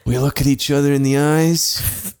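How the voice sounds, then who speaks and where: A man's voice: on the high side, steady tone, normal speed, darkish tone, clear, resonant tone. A young man telling a long, profane story to friends, laughing often and acting out the voices of the people in it. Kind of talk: casual storytelling.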